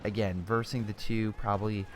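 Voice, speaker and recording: A man's voice: fairly low pitch, little pitch movement, moderate pace, noisy background. A young man giving casual commentary over a strategy game replay, chatty and exclamatory, often restarting his sentences.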